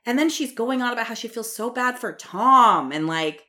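Worked-up woman with a lively voice. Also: on the high side, normal speed. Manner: heated, swears freely, acts out quotes. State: worked up from iced coffee. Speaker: podcast co-host. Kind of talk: casual reality-TV recap chat.

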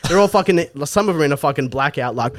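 A man's voice: on the high side, expressive, fast talker. A young Australian man telling a crude, rowdy story in casual chat, full of swearing and laughter. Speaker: podcast co-host.

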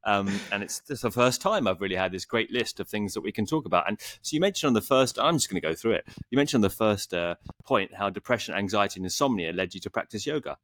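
A man's voice: on the low side, lively intonation, quick pace, few pauses, a bit bright. A middle-aged man hosting a podcast, talking casually and rambling with many restarts and fillers. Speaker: podcast host. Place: Bali.

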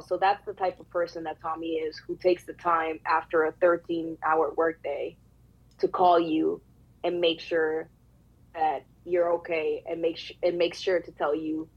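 An actress with a Puerto Rican accent tells a candid, emotional, profane story on a casual podcast. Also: female voice, low voice, breathy edge, highs cut off. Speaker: actress guest.

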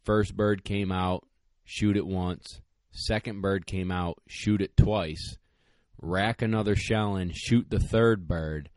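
Low-voiced man telling hunting stories. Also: fairly even intonation, slow pace, no echo, clean studio sound. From northern United States. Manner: storytelling, laughs as he talks. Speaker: podcast host. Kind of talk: casual chat.

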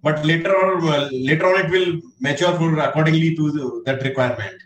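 A man's voice: fairly high pitch, brisk, slight background noise. A man with an Indian accent, the guest's father, giving friendly, plain answers. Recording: roomy audio from off-mic.

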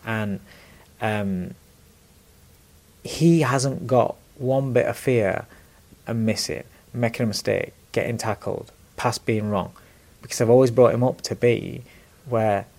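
A man's voice: mid-range voice, vocal fry, darkish tone. A man in his forties, a former boxer, talking candidly about fatherhood and himself in casual conversation, repeating words and swearing bluntly. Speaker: podcast guest, former boxer.

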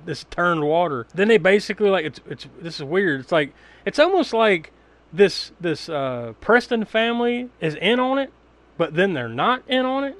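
Chatty, rambling man with a slightly high voice. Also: a bit bright, dry recording. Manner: rambling, laughs often, swears casually. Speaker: podcast co-host. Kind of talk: casual movie recap chat.

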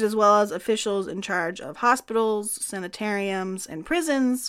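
A woman's voice: medium pitch, fairly bright tone. A woman co-hosting a history podcast, explaining historical laws in an earnest, conversational way. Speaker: podcast co-host.

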